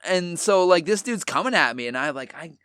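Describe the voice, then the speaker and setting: A man telling a story in casual chat, animated, swearing often and acting out what people said. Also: on the high side, a little fast, clean tone, dry recording, clean studio sound. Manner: animated, swears a lot, acts out quotes. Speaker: podcast co-host.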